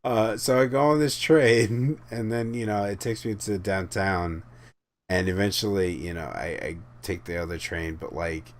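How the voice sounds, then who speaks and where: Young guy, very low voice, rambling and cussing through a podcast anecdote. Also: normal speed. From Houston area, USA. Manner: rambling, profane anecdote telling. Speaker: podcast panelist. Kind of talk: casual storytelling chat.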